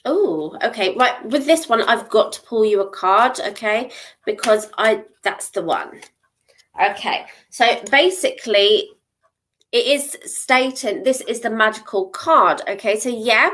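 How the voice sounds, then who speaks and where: A middle-aged woman with a voice pitched a little high gives live psychic readings. She talks in a reassuring, encouraging way and keeps checking in with her listener. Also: expressive, normal speed, fairly bright tone. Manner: reassuring, checks in with frequent "okay?". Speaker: psychic reader.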